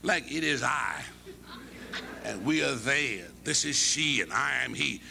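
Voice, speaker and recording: A man's voice: medium pitch, animated, unhurried, vocal fry, pushed and bright, slight background noise, exaggerated voice. An older man voicing a young male college basketball player who sounds doubtful and pleading in his questions.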